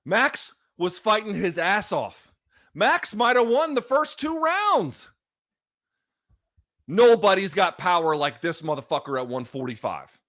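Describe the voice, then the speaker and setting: A man hosting a live fight watchalong, going from loud excited outbursts to quiet, emotional reflection, with plenty of swearing. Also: sits high, measured pace. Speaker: host. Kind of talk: live fight reaction commentary.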